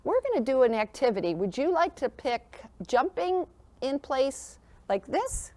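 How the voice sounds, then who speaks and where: A woman's voice: high voice, very animated, a little slow, mellow, no echo. A woman presenting a sleep program in a school classroom, talking to young children in an encouraging, sing-song teacher manner and often checking in with them.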